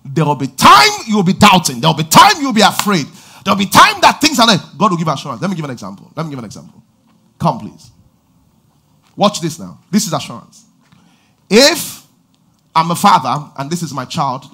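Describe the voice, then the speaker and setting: A man preaching a lively sermon, shouting call-and-response lines and laughing between stories. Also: fairly high pitch, moderate pace, husky. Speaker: pastor.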